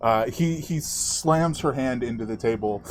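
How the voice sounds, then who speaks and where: A man narrating as game master of a tabletop game, halting and full of fillers. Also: mid-range voice, slight background noise.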